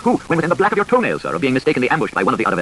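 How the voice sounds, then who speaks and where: A man reading dense literary prose aloud at a breakneck clip, his voice rising and falling in a lively, sing-song way. His pitch sits in an ordinary middle register for a man. A faint hiss sits under the voice. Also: very fast, poor audio. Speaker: reader.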